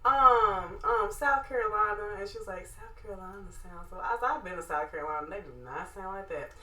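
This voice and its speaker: A woman from Alabama with a Southern accent, co-hosting a casual podcast chat, sassy and animated, laughing often. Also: mid-range voice, brisk. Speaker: podcast co-host. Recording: echoey room.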